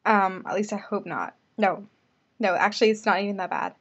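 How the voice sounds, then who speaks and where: A woman's voice: mid-range voice, steady tone, fairly quick, a bit bright, husky, muffled recording. A young woman telling a casual vlog story, chatty and full of "like" fillers. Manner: chatty, filler-heavy with lots of "like". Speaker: vlogger.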